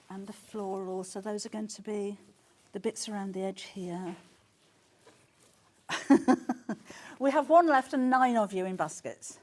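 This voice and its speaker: A woman presenting a live TV shopping show, excitable and quick to gasp and exclaim as items sell. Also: medium pitch, slight background noise. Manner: excitable, gasping and exclaiming over sales. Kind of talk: live TV selling. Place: TV studio.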